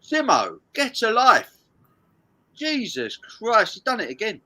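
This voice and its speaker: A man hosting a live stream quiz, jokey and animated, reading out viewer comments as he goes. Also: high-pitched, normal speed, rough recording. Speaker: live stream host running a lyrics quiz. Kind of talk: casual live stream chat.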